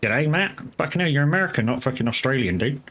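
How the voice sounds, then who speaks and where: A man's voice: mid-range voice, lively intonation, very fast, a bit bright. A man with a mid-range voice talks through a farming game on a live stream. He rambles casually, greets his chat by name and swears without a second thought. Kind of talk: casual live gameplay commentary.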